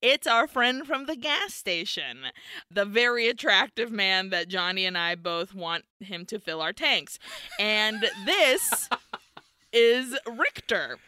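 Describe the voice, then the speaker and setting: A woman's voice: medium pitch, slow pace. A woman co-hosting a podcast, recapping a film in casual chat and acting out the characters' lines. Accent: American. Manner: animated storyteller acting out characters. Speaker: podcast co-host.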